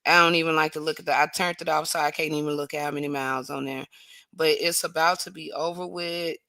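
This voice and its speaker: A woman's voice: low-pitched, steady tone, fast talker, sharp tone, dry recording. A woman hosting a casual livestream, greeting viewers by name and praising God often. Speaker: livestream host.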